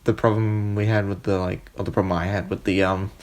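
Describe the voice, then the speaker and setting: A young man with a very low voice chats casually on a film podcast. He muses and theorizes, pausing often and restarting his thoughts. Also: flat delivery, darkish tone. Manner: musing, hesitant, theorizing. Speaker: podcast co-host. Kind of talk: casual film review chat.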